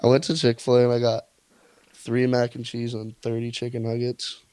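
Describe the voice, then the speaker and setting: A man's voice: mid-range voice, completely flat delivery, normal speed, mellow, clean tone, dry recording. Giggly casual man. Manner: playful, giggly. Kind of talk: casual crude banter.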